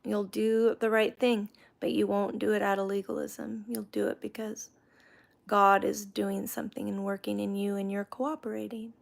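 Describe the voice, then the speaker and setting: A woman's voice: mid-range voice, level tone, normal speed, vocal fry. A middle-aged woman hosting a casual livestream chat, reading viewer comments aloud and talking about her faith. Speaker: livestream host.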